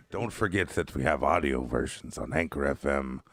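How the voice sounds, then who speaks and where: A man's voice: extremely low pitch, normal speed, gravelly, a bit bright, no room sound, studio quality. A man co-hosting a casual talk show, joking and swearing with a laugh. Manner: joking, crude, laughs often. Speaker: podcast co-host. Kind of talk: casual banter.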